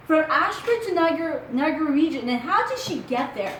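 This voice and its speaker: A woman's voice: high voice, big pitch swings, moderate pace, hardly any pauses, echoey room, a little hiss or hum, low-quality recording. A woman with a French accent, a true crime vlogger reading news aloud and asking rhetorical questions in casual commentary.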